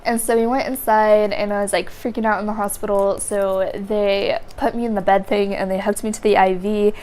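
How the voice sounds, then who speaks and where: A woman's voice: mid-range voice, little pitch movement, moderate pace, a little mellow. A young woman vlogging, telling a story casually to her viewers in a rambling way full of "like" fillers. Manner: rambling, heavy use of "like" fillers.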